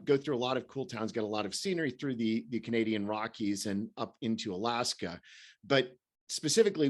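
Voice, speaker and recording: A man with a mid-range voice co-hosts a casual podcast chat. He talks in long, wandering stretches and chuckles as he goes. His delivery is loose and unpolished. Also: medium pitch. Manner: rambling, chuckling, many fillers and restarts. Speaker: podcast co-host.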